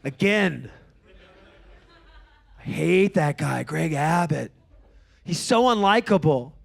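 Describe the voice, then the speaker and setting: Guy doing standup, pretty high voice, sardonic and sweary, gets loud and worked up. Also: unhurried, vocal fry. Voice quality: profane, sardonic. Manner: animated, escalating into high-pitched shouting in character bits. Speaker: stand-up comedian. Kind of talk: stand-up comedy storytelling.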